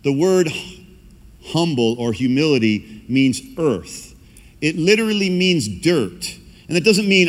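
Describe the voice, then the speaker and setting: A male pastor preaching a lively sermon, acting out quoted voices as he goes. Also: on the high side, takes it slowly. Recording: long hall reverb.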